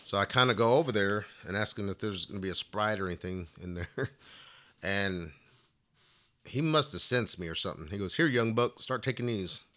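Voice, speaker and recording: A man's voice: sits low, fairly quick, a bit bright. A man telling a long story in casual interview talk, rambling along with plenty of "you know" fillers. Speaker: flute player telling a story.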